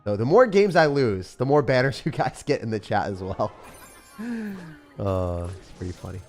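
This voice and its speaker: A man's voice: mid-range voice, very animated, normal speed, soft background music. A young man streaming a game live, joking at his own expense and answering chat. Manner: self-mocking, jokey, reads and answers chat.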